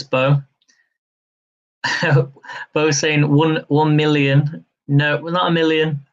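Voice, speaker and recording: A man's voice: fairly high pitch, fairly bright tone, muffled recording. A man hosting a live-stream quiz, chatty and upbeat, laughing easily as he reads questions and counts down. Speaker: quiz host.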